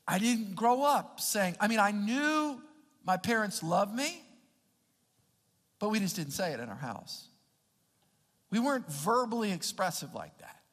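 High-voiced pastor preaching in a reverberant hall. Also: male voice, expressive, fairly bright tone. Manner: halting, repeats words, speaks to the congregation directly. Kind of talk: sermon.

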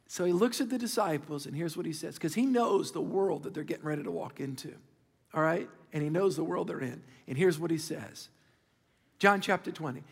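A man preaching a sermon as pastor, animated and conversational, calling out to the congregation for responses. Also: on the high side, brisk, creaky, husky, long reverb tail. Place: large church auditorium.

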